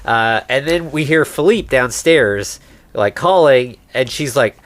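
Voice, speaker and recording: A man co-hosting a podcast, casually recapping a movie and putting on quick voices for its characters. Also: medium pitch, lively intonation, no echo. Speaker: podcast co-host.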